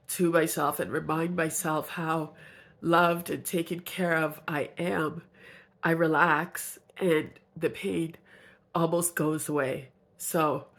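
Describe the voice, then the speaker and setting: Low, gravelly woman with a cold. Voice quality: raspy. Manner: reflective, earnest. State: congested with a cold. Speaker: vlogger. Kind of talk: video journal.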